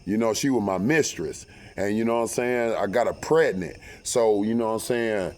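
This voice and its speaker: A man's voice: lowish voice, moderate pace. Profane man telling a story. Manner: profane, animated, with many fillers. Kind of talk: casual storytelling.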